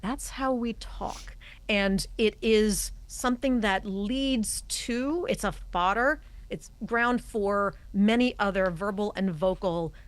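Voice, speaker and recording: A middle-aged woman, a communication coach, who explains her points emphatically and acts out voice habits as examples during a podcast interview. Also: medium pitch. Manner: emphatic, demonstrates voice habits as she talks.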